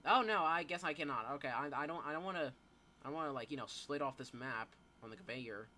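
A teenage boy giving live gameplay commentary, excitable, yelping and swearing as things happen. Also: on the high side, quick pace, slight background noise. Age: teens. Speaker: gamer.

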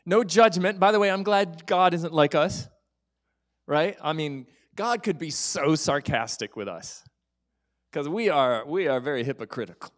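A male pastor preaching a sermon in a lively, conversational way, sometimes joking and at times dropping to a soft whisper for emphasis. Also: fairly high pitch, measured pace.

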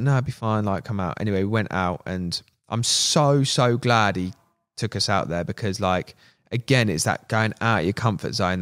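A man telling a fishing story as a podcast guest, animated, laughing and acting out what people said. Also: lowish voice. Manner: animated, laughing, acts out quotes. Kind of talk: casual storytelling.

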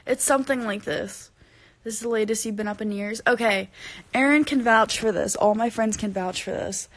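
A woman's voice: on the high side, normal speed, no echo. A tired woman chatting casually on a late-night livestream from home, reading fans' comments, rambling and giggly and sometimes dropping into whispers. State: tired from no sleep. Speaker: singer livestreaming to fans. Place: at home at bedtime, indoors. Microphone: phone camera held close.

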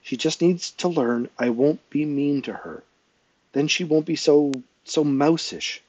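A man's voice: fairly high pitch, measured pace, darkish tone, highs cut off, lightly acted. A man voicing a determined, practical young girl training as a page, speaking in an earnest, plain-spoken way.

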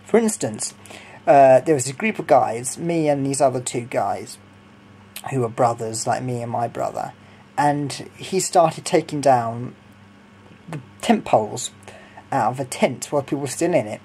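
A man's voice: medium pitch, expressive, measured pace, dark tone, a little hiss or hum. A young man from Sussex, telling stories in a rambling, hesitant way with lots of ums and giggles. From Sussex, England. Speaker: vlogger. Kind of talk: casual storytelling.

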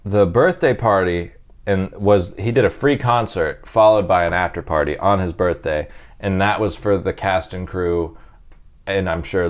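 A man, a stand-up comic guest, telling loose, rambling anecdotes full of fillers in a casual chat. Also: sits low.

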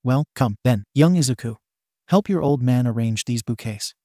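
A man playing a gentle, formal father. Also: medium pitch, expressive, normal speed, dry recording, clean studio sound, lightly acted. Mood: fond. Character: tall gaunt gentle father, fond and formal.

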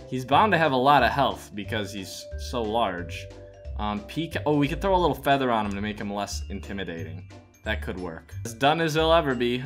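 A man's voice: medium pitch, brisk, faint music behind. A young man giving jokey let's play commentary, chatting to himself as he builds and yelping when startled. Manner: animated, jokey, talks to himself while building; yelps and shouts in panic. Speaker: gaming YouTuber.

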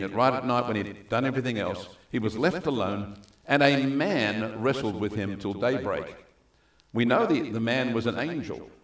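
A male pastor preaching a sermon in an animated way, acting out the voices of the people he quotes. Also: mid-range voice, echoey room.

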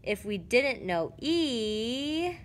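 A woman's voice: a little high, very animated, drawn-out words. A woman casually walking through math word problems, thinking aloud and correcting herself as she goes. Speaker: math explainer. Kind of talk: casual lesson walkthrough.

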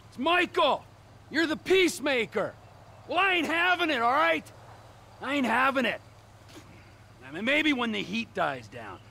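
An unhinged crook in a game, gravelly and menacing, high and jumpy. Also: male voice, sing-song, measured pace, long pauses, bright, forceful tone, full character voice. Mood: accusing. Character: volatile unhinged middle-aged male criminal. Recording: game audio with faint background noise.

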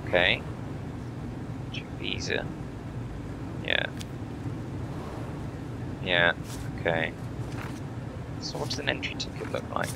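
A man's voice: low voice, animated, unhurried, creaky, pauses often, background noise. A young man role-playing a polite, overly cheery border inspector while playing a game, chatting and muttering asides. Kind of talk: role-play let's play commentary.

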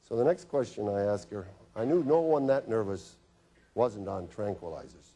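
A middle-aged physician telling stories from his office to an audience, with dry humor and quick asides where he plays his patients. His voice is dark and mellow, with a husky, slightly breathy edge. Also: on the low side, animated. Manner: anecdotal, acts out patients' and his own lines with humor. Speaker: physician giving a health talk. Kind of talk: storytelling health lecture.

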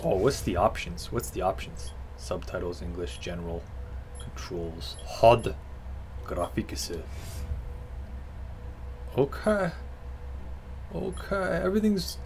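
A man's voice: fairly low pitch, animated, slow pace, creaky, pauses often, darkish tone, slight background noise. A man doing casual, foul-mouthed let's-play commentary, joking and talking to himself and the game. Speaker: gaming video host.

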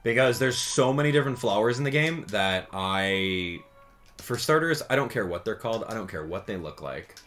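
A man giving casual gameplay commentary as a channel host, chatty and excitable, thinking out loud as he plays. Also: on the low side, normal speed.

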